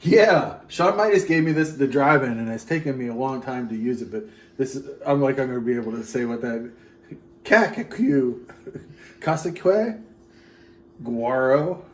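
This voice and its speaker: A man's voice: medium pitch, normal speed, reverberant. A man co-hosting a casual show, joking and rambling while he mixes a drink, now and then singing in a silly way. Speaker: co-host mixing a drink. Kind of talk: casual chat.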